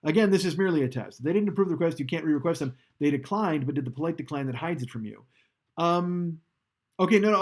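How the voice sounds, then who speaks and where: Rambling, profane man streaming live. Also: fairly high pitch. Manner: rambling, profane, self-mocking. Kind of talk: casual live-stream chat. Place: home streaming setup, indoors. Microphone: studio microphone, leaning back from it.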